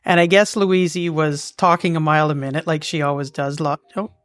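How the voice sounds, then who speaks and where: A woman's voice: sits low, fairly quick, dry recording. A Canadian woman co-hosting a podcast, telling farm stories in a casual, rambling way with lots of fillers and restarts. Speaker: podcast co-host. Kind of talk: casual storytelling chat. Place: local museum.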